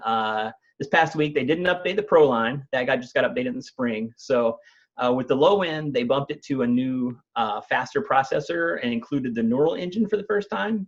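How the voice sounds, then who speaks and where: A man's voice: medium pitch, lo-fi sound. Man explaining tech news casually. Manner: thoughtful, many fillers and restarts.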